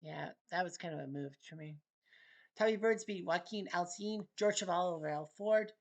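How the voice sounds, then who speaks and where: Male host, relaxed recap delivery, offhand asides, unpolished and chatty. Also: high voice, normal speed, gravelly. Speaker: host recapping a simulated boxing tournament. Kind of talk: casual results recap.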